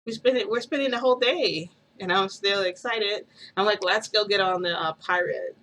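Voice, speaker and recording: A woman's voice: mid-range voice, normal speed, fairly bright tone, low-quality recording. A woman vlogger casually telling a first-person story, rambling and full of "like" fillers.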